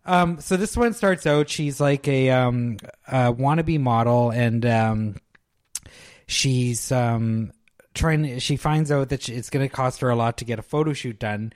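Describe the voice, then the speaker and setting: A young man casually recapping a film on a podcast, rambling and halting with many restarts and fillers, joking at his own expense. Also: mid-range voice. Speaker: podcast co-host reviewing films. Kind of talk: casual chat.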